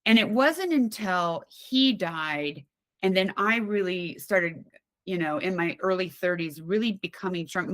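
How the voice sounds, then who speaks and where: A woman with a low-set voice talks as a podcast guest. She tells her stories in a candid, animated way, often restarting her sentences. The recording is dry and close. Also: dry recording. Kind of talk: casual conversational storytelling.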